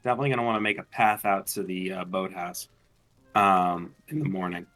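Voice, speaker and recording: A man in casual game-stream chat who argues his points carefully and at length. Soft music plays faintly behind him. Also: low-pitched, steady tone, brisk. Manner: argumentative, lecturing, careful. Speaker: streamer co-host. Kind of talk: casual chat while gaming.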